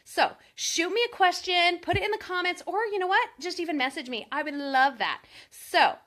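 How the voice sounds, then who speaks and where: Casting note: woman in her thirties, high bright voice, chatty vlogger who talks straight to her followers. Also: normal speed. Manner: chatty, animated storytelling with lots of "like". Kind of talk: casual chat to camera.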